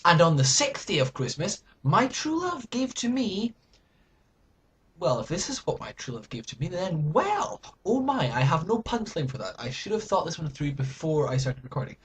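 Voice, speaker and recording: A young British man chats to his camera at home, his voice leaping up and down as he rambles and mocks himself in a playfully dramatic way. A faint hiss runs under his talk. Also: fairly high pitch. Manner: rambling, self-mocking and mock-dramatic. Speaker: vlogger. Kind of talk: casual chat to camera.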